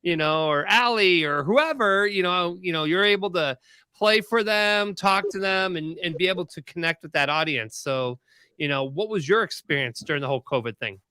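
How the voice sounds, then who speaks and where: A man's voice: high voice, normal speed, sharp tone, clean tone, no echo. A male host of a live-stream show, easygoing and rambling. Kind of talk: casual chat.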